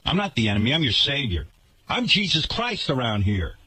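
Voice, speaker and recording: A husky, pushed and bright-voiced man hosts a radio show from the studio, delivering a brisk, very animated, indignant rant about his workplace's management. He is sarcastic, his pitch swings, and the recording is dry.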